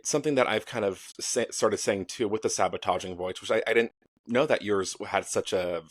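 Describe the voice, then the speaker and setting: Man, podcast host, lowish voice, dry close sound, rambling, hunts for words. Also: fairly quick, no room sound. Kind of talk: casual interview conversation.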